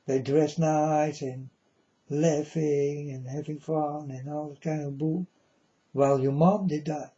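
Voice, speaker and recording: A man's voice: fairly high pitch, steady tone, slow, warm tone, lo-fi sound. A man talking straight to his viewers in a rambling, earnest monologue, calling them folks and insisting he is serious.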